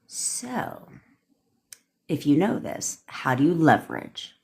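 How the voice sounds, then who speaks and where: Low-voiced woman ranting casually on a livestream. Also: big pitch swings, takes it slowly, creaky, a little mellow. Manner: blunt, profane and cocky, laughs at herself. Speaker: manifestation coach. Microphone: phone.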